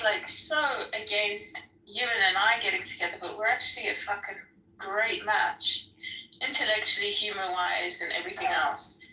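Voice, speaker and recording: A woman with a bright voice chats on a podcast in a rambling, swearing way. She sounds roomy and set back from the mic, with faint noise behind her. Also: mid-range voice, fairly even intonation, moderate pace, recorded from a distance. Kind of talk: casual chat.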